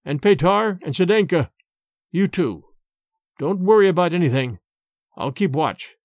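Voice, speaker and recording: A man's voice: high-pitched, lively intonation, unhurried, a little mellow, no echo, clean studio sound. A man voicing a stern grown son who gives firm, curt orders that allow no argument. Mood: commanding.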